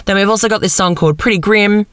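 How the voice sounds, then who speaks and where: A young man co-hosting a casual pop-culture chat, chatty and excitable. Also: sits high, fast, smooth, no room sound, studio quality. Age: young adult. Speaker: co-host.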